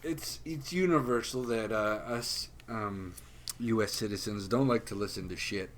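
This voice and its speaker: A man hosting a casual podcast, easing into the segment with relaxed filler-heavy talk. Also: fairly low pitch, normal speed, slight background noise. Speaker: podcast host. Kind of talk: casual chat.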